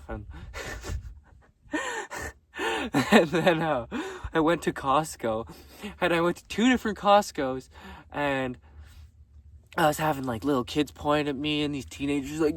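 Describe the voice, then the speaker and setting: A young man telling stories casually, laughing often and swearing freely while walking outdoors on a gravel road. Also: fairly high pitch, a little slow, no room sound. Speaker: vlogger. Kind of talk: casual storytelling. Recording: distant mic with faint background noise.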